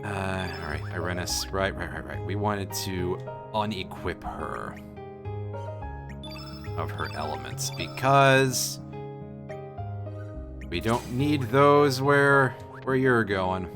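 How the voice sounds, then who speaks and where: During a casual let's-play of a role-playing game, a man half reads the game text in a low mutter, joking and now and then swearing. He speaks expressively but slowly with long pauses, and music plays in the background.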